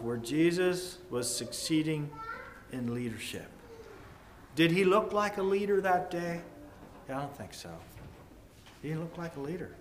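Male preacher, slow and earnest, rises loud then drops to a hush; echoey church room with faint background hum. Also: fairly high pitch. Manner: measured, earnest, with sudden swings between loud and hushed. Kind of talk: sermon.

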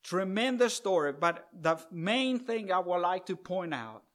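Man, preacher, sermon, reads scripture aloud, slow emphatic stresses, plain asides, fairly high voice. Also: big pitch swings, fairly bright tone.

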